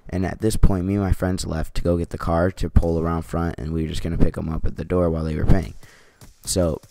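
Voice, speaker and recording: A teenage guy with a very low, gravelly voice tells a story from home. He rambles casually, fills his talk with "like" and swears freely. His tone is dark and mellow. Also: little pitch movement, brisk, no room sound. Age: teens. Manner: rambling, heavy use of "like", swears. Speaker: vlogger.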